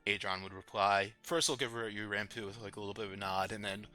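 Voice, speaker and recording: A man narrating as game master of a tabletop game, relaxed and hesitant with many fillers. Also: lowish voice, quick pace, faint music behind.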